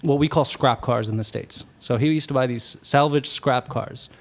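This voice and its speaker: A young man, a podcast guest, telling a story in casual chat, animated and laughing often. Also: mid-range voice, moderate pace, creaky. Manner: animated, laughs often, restarts mid-sentence.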